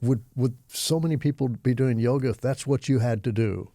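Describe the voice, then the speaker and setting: A man's voice: mid-range voice, moderate pace, dark tone, no room sound. An older man from Texas, a yoga teacher and interview guest, telling his stories vividly and with animation. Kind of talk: storytelling interview.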